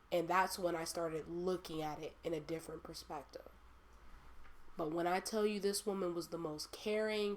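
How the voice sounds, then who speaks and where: Young woman, host, low-pitched, heartfelt, rambling, lots of fillers. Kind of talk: personal monologue.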